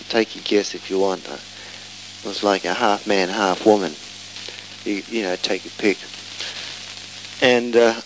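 A man's voice: lowish voice, a little hiss or hum, poor audio. A man telling a casual, meandering travel anecdote. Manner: rambling, meandering storytelling.

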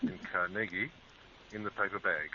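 Teasing man, lowish voice. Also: normal speed, highs cut off, background noise. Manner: self-mocking, teasing. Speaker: radio show co-host. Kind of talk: joking casual chat.

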